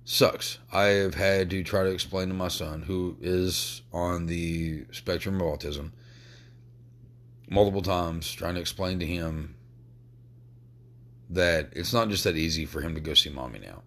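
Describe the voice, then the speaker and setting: Low-pitched male podcaster, raw and emotional, cursing, stumbling over restarts. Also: a bit bright. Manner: emotional, sweary, halting restarts. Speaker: podcast host. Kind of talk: personal podcast talk.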